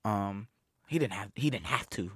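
A young adult man talks in a relaxed, slang-heavy interview voice, recorded close and dry with little room sound. He tells stories with energy and jumps into other people's voices as he goes. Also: lowish voice, moderate pace, husky, no echo. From Seattle area. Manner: animated storyteller who acts out quoted voices, heavy slang and profanity. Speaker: rapper, interview guest. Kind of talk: casual interview chat.

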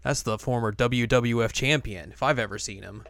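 Jokey young dude hosting an anime podcast, sarcastic, mid-pitch voice, dead dry sound. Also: male voice, normal speed, fairly bright tone, no room sound. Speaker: podcast host. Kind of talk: casual anime recap chat.

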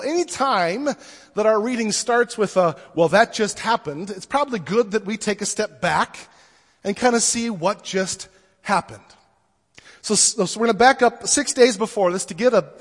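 A male pastor delivers a sermon in a relaxed, conversational way, slipping in casual fillers as he goes. His voice sits fairly high, and a long church reverb trails behind each phrase.

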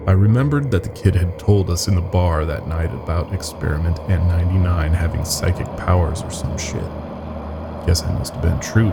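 A man's voice: deep voice, vocal fry. A man narrating a first-person horror story in a grim, wry manner.

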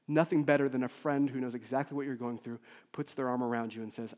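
A man, a lead pastor, preaching a sermon with emotional swings from loud urgency to soft near-whispers. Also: on the high side, quick pace. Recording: long hall reverb.

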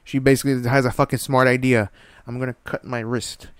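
A young man in casual chat, telling an animated story full of slang and swearing. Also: medium pitch, a little fast, clean tone, no room sound.

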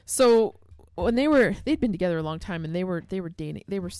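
A woman's voice: lowish voice, animated, fast, crowd noise. A woman chatting casually as a co-host, telling stories in a rambling way, correcting herself and using "like" and "dude" a lot. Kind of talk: casual chat.

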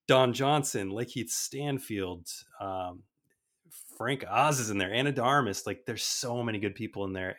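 A man co-hosting a podcast, chatting casually about movies and leading the segments. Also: lowish voice. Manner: relaxed, conversational, leads the segment. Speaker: podcast co-host.

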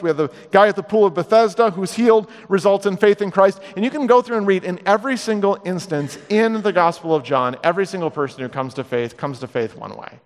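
A middle-aged man preaching a sermon in a church, telling stories in a comic, animated way and acting out the voices. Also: high voice, big-room sound. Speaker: guest preacher. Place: church sanctuary.

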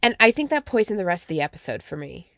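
A woman co-hosting a casual chat about a TV show, swinging into high mock quotes of dialogue. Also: very animated, fast talker, gravelly, no echo, clean studio sound. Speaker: podcast co-host.

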